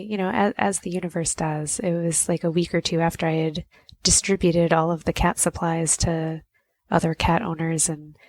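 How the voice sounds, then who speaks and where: A woman's voice: lowish voice, vocal fry, no echo. A woman podcast host telling a personal story in a conversational way, often saying "you know.".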